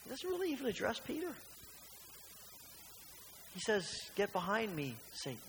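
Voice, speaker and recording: A man's voice: sits high, a bit bright. A man preaching a sermon in a church, earnest and fond of rhetorical questions. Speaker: pastor. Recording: reverberant church hall with faint hiss.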